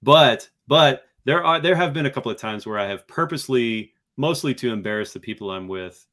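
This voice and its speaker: A man's voice: medium pitch, expressive, brisk, bright, forceful tone. A man from Kentucky in casual chat, correcting himself with dry humor.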